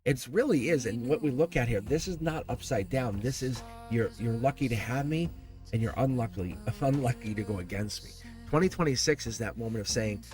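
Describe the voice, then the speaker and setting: A middle-aged man hosting a live tarot stream, rambling and animated, laughing often as he talks. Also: medium pitch, fairly quick, soft background music.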